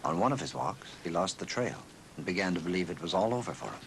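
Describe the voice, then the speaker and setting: A man delivering measured, scripted documentary narration. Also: low-pitched, animated, slight background noise, low-quality recording.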